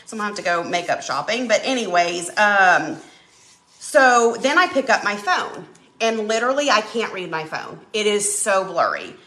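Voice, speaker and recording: A woman chatting casually on a live stream while she paints, telling a dramatic, animated story. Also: medium pitch, moderate pace, reverberant. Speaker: craft channel host.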